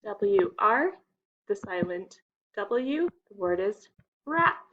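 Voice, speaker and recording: Woman, phonics teacher, slow and patient, drawn-out words, dull lo-fi sound. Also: mid-range voice, big pitch swings. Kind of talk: phonics lesson for young children.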